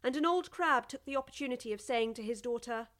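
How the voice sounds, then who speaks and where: A woman narrating a storybook in an even, measured reading voice. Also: on the high side.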